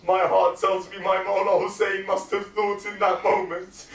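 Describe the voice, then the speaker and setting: A man's voice: high voice, level tone, normal speed, vocal fry, hardly any pauses, fairly bright tone, far from the mic. A man preaching a mourning sermon, telling a sacred story with emotional, dramatic intensity. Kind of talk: impassioned sermon narration. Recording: echoey hall, voice from afar.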